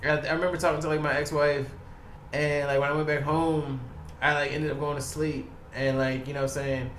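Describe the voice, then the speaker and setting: A man's voice: a little high, little pitch movement, brisk, a bit bright, echoey room, slight background noise. A man from Baltimore, a podcast guest telling a long, profane, rambling story packed with quoted dialogue. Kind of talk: casual storytelling. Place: podcast studio.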